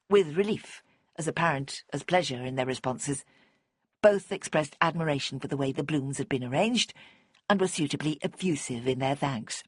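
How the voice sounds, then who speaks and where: A woman narrating an audiobook in a calm, measured way on a close studio mic. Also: sits low, breathy edge, no echo. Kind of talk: scripted narration.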